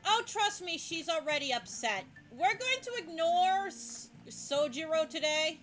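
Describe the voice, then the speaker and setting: A woman's voice: very high-pitched, expressive, measured pace, fairly bright tone, faint music behind. A woman giving casual, chatty gameplay commentary, often stopping to correct herself. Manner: chatty, self-correcting, laughs easily. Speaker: let's play host.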